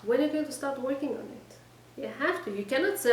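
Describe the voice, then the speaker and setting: A woman with a slightly high voice teaches a small class, direct and exhorting, often pausing to check in with her listeners and trade quick replies. She is recorded from a distance in an echoey room with a faint hum of background noise. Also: lively intonation. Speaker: religious teacher giving a weekly class. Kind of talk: informal lecture to a small group.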